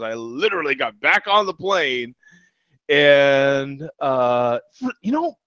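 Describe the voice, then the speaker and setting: A middle-aged man telling a story in casual chat. He is animated, laughs a lot and keeps asking "you know what I'm saying" over a video call. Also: on the high side, no room sound. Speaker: regular panelist. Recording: dull lo-fi video call audio.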